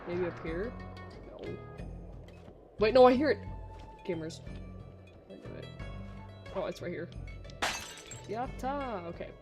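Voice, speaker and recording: A woman's voice: lowish voice, lively intonation, unhurried, long pauses. A young woman streaming a game, chatting casually and rambling with lots of fillers and restarts. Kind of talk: casual gameplay chat. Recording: music playing behind the voice.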